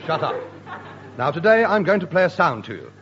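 A man performing a deadpan mock science lecture in a radio sketch comedy. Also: fairly high pitch, brisk. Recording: dull old radio recording with hiss.

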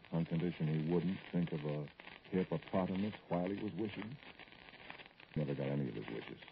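A man's voice: extremely low pitch, muffled recording. A haunted, jittery middle-aged man. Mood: brooding. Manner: intense, confiding narration to an unseen listener. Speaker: lead actor and narrator of a radio drama. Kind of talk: 1940s radio acting. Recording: hissy old radio broadcast.

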